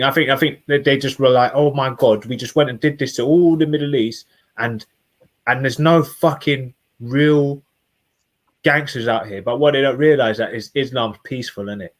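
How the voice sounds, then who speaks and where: A man, chatting casually and speculating out loud. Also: medium pitch. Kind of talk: casual chat.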